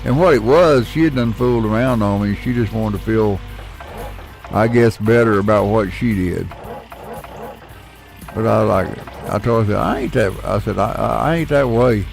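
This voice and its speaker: A man's voice: lowish voice, normal speed, gravelly, faint music behind. A middle-aged man, telling a rambling, folksy story with casual swearing while he plays a game. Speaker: gaming channel host.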